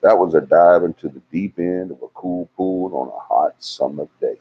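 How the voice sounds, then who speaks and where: A man hosts a casual livestream, chatting and teasing as he reads out viewer comments. His voice sits low and deep, and the audio is a little muffled, like a lo-fi stream. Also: a little slow, long pauses, slightly rough. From Alabama. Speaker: livestream host. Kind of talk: casual live chat reading comments.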